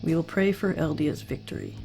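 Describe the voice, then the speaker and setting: A woman voicing a polite, anxious noblewoman envoy, reading her lines softly and politely. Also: deep voice, fairly even intonation, fairly quick, soft background music. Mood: earnest.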